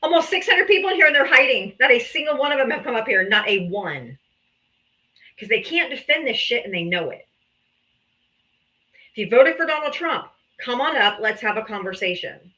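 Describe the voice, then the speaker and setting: A woman's voice: a little high, very animated, brisk, pauses often, bright, forceful tone, poor audio. A woman hosting a political livestream, combative and taunting, calling out viewers to come up and talk. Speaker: livestream host.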